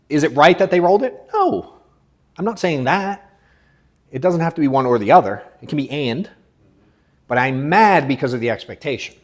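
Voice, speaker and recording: A blunt, profane man in his thirties leads a live sales coaching session. He hammers his points hard, then drops to a low, muttered register. His voice sits at an ordinary middle pitch. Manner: blunt, profane, swings from emphatic to low and quiet.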